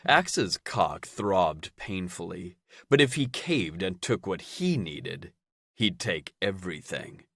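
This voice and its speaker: A man narrating a romance audiobook in a steady, even storytelling delivery. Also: sits low, slow, vocal fry, no room sound.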